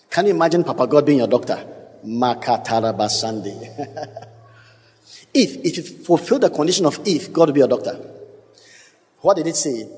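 Man, preacher, emphatic sermon, questions to the congregation, slightly high voice, long hall reverb. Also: darkish tone. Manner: emphatic, call-and-response with congregation, sudden pitch jumps.

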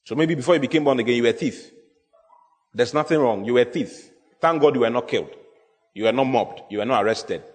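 Emphatic preacher in a reverberant hall. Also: male voice, fairly high pitch. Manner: emphatic, repeats key phrases, asks the congregation questions. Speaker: pastor. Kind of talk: sermon.

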